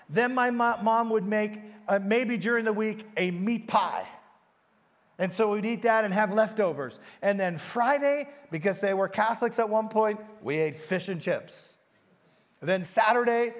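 A man preaching a sermon with energy in a large church, speaking directly to the congregation. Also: sits high. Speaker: pastor. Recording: reverberant church hall.

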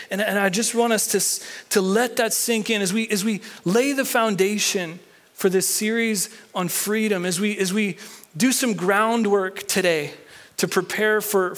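Delivering his sermon in a high-pitched, fairly bright voice, a pastor keeps things loose and conversational, stumbling, restarting, and saying lines twice for emphasis. He gets the congregation to read along and answer back in call-and-response.

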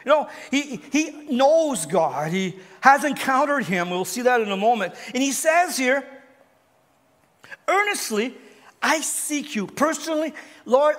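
A man preaching a sermon as pastor, animated and questioning his listeners, often repeating words as he goes. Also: high-pitched. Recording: long hall reverb.

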